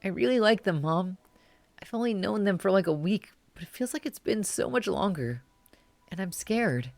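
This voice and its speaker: A streamer voicing a tearful young adult confiding in their mother on the phone, in a soft, shaky, pleading voice. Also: mid-range voice, lively intonation, normal speed, gravelly, dry recording, soft background music, voice pushed up. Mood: vulnerable.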